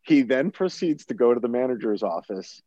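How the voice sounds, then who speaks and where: Male co-host, animated storyteller, frequent laughs, dry slightly muffled sound. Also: medium pitch, normal speed, dry recording. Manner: animated storyteller, laughs often, swears freely. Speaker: podcast co-host discussing a film. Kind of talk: casual chat. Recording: dry, slightly dull recording.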